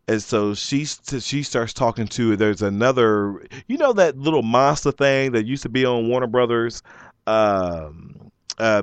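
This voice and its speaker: A man's voice: smooth, dry recording. Rambling man telling a heated story. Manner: rambling, heated, laughs often, jumps into high voices when quoting. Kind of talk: casual storytelling to camera.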